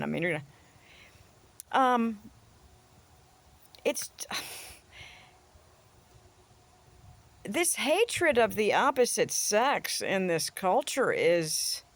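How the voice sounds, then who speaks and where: A woman's voice: medium pitch, very animated, unhurried, dry recording. A woman vlogger ranting in a casual, blunt, crude way, with sarcastic jabs and mocking asides. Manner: sarcastic, swings into mocking voices. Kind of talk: casual opinion rant to camera.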